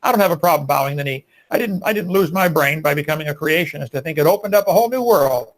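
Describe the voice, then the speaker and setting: A man's voice: on the high side, animated, fast, poor audio. A man arguing in a live debate, preachy and emphatic, firing rhetorical questions.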